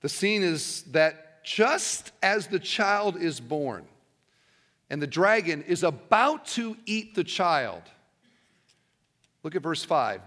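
A man's voice: a little high, very animated, takes it slowly, fairly bright tone, in a large hall. A male pastor preaching a sermon, telling a story and asking rhetorical questions.

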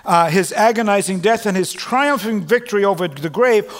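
A middle-aged male pastor preaching a sermon in a church. He is earnest and moves between loud proclamation and quiet, personal asides. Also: high-pitched, normal speed, hardly any pauses. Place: church sanctuary. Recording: long reverb of a large hall.

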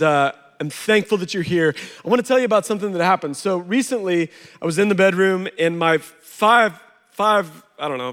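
A man's voice: high voice, big-room sound. A man in his thirties giving a personal testimony to a church group, telling a story with acted quotes and laughs. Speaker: speaker sharing a testimony.

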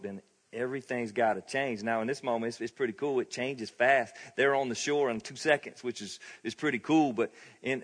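Conversational preacher in a reverberant hall. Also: male voice, on the low side. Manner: conversational, animated storytelling with laughs. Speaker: pastor. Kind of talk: sermon. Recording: long reverb of a large hall.

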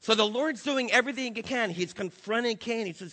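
Pastor, male, high bright voice, emphatic sermon delivery, long hall reverb. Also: a little fast, hardly any pauses. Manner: emphatic preaching with rhetorical questions and repetition.

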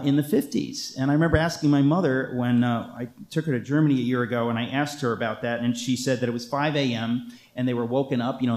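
A man's voice: medium pitch, a little mellow, roomy sound. A man speaking as an author, answering an audience question in an impassioned, emphatic way, often restarting his sentences. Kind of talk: talk with audience Q&A.

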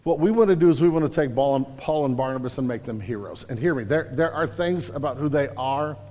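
A man preaching a sermon in a lively, animated way, acting out quotes loudly. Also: medium pitch, fairly quick. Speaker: pastor. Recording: hall reverb.

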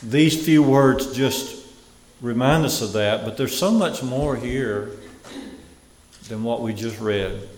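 A man preaching a Sunday sermon, earnest and measured, with weighty pauses. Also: medium pitch, a little mellow, a little hiss or hum. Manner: slow, earnest, emphatic pauses. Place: church sanctuary. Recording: echoey hall with faint ambience.

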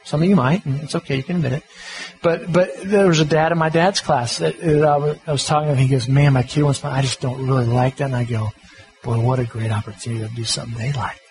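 A middle-aged man preaches in a relaxed, folksy way. His voice sits a touch higher than most men's, and he talks like he's chatting with friends. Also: quick pace, low-quality recording. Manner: folksy, conversational, self-deprecating. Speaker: pastor. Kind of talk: sermon on parenting.

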